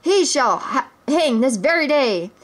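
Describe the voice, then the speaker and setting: A woman's voice: high voice, very animated, measured pace, pitched above the performer's own voice, full character voice. A woman voicing a vain, pompous male lion prince who barks orders, in a storybook reading. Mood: commanding.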